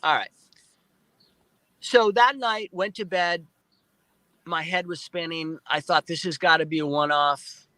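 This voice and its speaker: A male guest on a live interview recounting a personal experience in animated storytelling, restarting and repeating words often and acting out his own remembered speech. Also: on the high side, measured pace, pauses often, dry recording, poor audio. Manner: excited retelling with frequent restarts and repeated words; acts out his own past speech in quotes. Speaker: guest, film producer.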